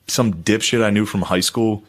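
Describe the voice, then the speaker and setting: Low-voiced man in loose comedy banter. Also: steady tone, normal speed, fairly bright tone. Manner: profane, rambling storyteller with many fillers. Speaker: podcast co-host. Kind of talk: casual comedy chat.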